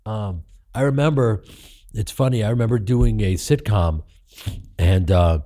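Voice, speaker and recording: A middle-aged man with a low, dark voice tells candid stories in an interview. He is animated and profane, and he jumps higher when he acts out the people he quotes. The sound is dry and close to the mic. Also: measured pace, no room sound. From Chicago, United States. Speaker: guest actor and comedian.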